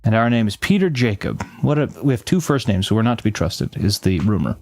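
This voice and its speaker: A man's voice: lowish voice, big pitch swings, fairly quick, darkish tone, slight background noise. A man talks through a game on a live stream, chatting with his viewers as he plays. He rambles, often restarts his sentences and corrects himself mid-thought. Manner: reads game text aloud between chatting with viewers. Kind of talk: casual gameplay commentary with live chat.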